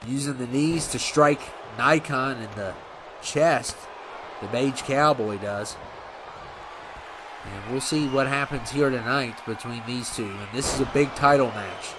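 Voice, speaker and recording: A man's voice: mid-range voice, a little slow, noisy background. Laid-back man commentating a wrestling game. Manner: rambling, self-correcting, laid-back. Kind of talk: casual play-by-play commentary.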